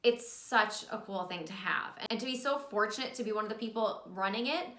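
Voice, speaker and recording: A woman's voice: mid-range voice, a little fast, pushed and bright. A young woman vlogging in a casual, earnest way, talking emotionally and holding back tears. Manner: casual, many likes and you guys. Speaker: vlogger and author. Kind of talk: personal confessional vlog. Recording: roomy echo.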